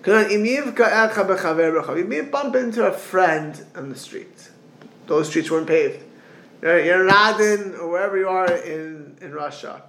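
A man teaching an animated religious lesson, acting out reluctant people in quick asides. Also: sits high, reverberant, slight background noise. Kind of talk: animated lecture.

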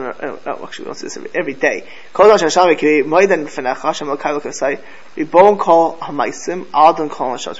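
A man's voice: a little high, dull audio. A man teaching a casual religious class to a live group, chatty, often asking his listeners "right?" and weaving prayer phrases into his talk.

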